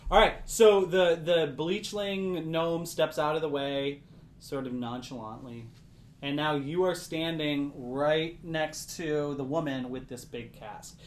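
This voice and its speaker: A man with a fairly high-pitched voice speaks slowly while running a tabletop game as its game master. His narration is relaxed, talkative and packed with fillers, recorded with roomy echo and light background hiss.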